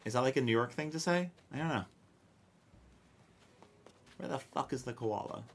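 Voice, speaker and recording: A man's voice: mid-range voice, animated, normal speed. A man live-streaming a cozy game, chatting casually and answering chat in a rambling, self-questioning, wry way with casual swearing. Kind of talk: casual gameplay chat, reading chat.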